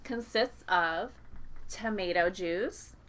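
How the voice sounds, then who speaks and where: A woman co-hosts a casual livestream from home, talking in a loose, rambling way full of fillers. Her voice sits at an ordinary middle pitch. A faint hum of room noise stays under her. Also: slow pace, fairly bright tone. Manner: chatty, rambling, many filler words. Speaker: musician co-hosting a livestream. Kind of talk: casual chat. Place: home, indoors.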